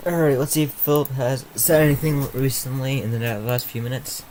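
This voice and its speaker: On a low-quality recording with a bit of hiss or hum, a man's mid-range, slightly mellow voice moves fairly quickly at a steady tone. He's a livestream host giving casual live commentary, yawning and sleepy, rambling and muttering as he waits for updates.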